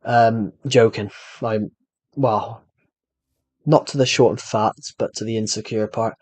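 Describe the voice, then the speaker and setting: A man's voice: lowish voice, steady tone, unhurried, a little mellow, no echo. A young British man giving casual, rambling gameplay commentary as he answers live chat, self-deprecating and full of restarts. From Britain. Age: young adult. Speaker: gaming streamer. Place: room at home.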